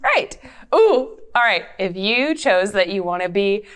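A woman's voice: medium pitch, very animated, unhurried, a bit bright, smooth. A woman leading an interactive Bible story for children, playfully coaxing them to join in. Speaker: children's Bible lesson leader.

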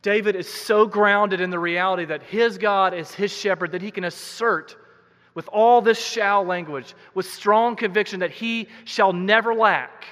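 A man preaching in a high, bright voice, earnest and emphatic. He leans on repeated words to drive each point home. His voice rings with the long reverb of a large church hall. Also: unhurried. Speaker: pastor. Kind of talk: sermon.

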